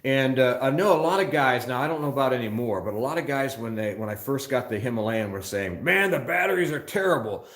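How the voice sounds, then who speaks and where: The voice is on the low side and the sound roomy. An older motorcycle channel host chats casually and scatteredly on a phone live stream from a motorcycle shop, reading viewer comments aloud as he rambles.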